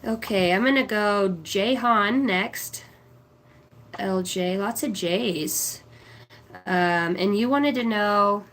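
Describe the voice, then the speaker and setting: A woman's voice: medium pitch, takes it slowly, a bit bright, a little hiss or hum. A woman in her thirties, a psychic card reader on a livestream, chatting casually and affectionately as she reads out viewers' names. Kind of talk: casual livestream chat reading comments.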